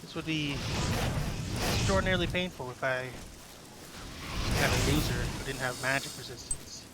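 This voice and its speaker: This man is playing a game and chatting goofily through it, even talking back to the characters, in typical let's-play fashion. His voice is medium in pitch and his speed is normal. Heavy background noise runs under the recording.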